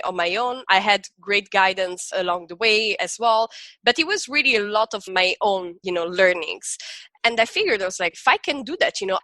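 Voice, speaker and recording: A woman speaks as a guest in a relaxed podcast interview, her voice bright and forceful. She rambles eagerly, filling her thoughts with "you know" and "like." The sound is dry and close, with no room echo. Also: medium pitch. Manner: talkative, peppered with "you know" and "like". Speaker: podcast guest, business school founder. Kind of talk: casual interview chat.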